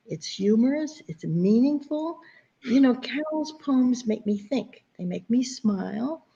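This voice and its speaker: A woman's voice: medium pitch, vocal fry, slightly rough, muffled recording. A woman giving a heartfelt, emotional tribute to a friend, her voice catching as she speaks. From New York area. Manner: warm and emotional, voice catching near tears. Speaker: guest speaker, friend of the poet.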